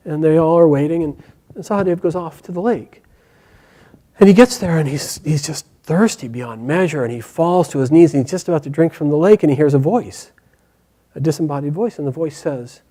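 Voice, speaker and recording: A man's voice: on the high side, expressive, moderate pace, dark tone. A man casually retelling an epic story in a conversational way, often repeating and restarting phrases.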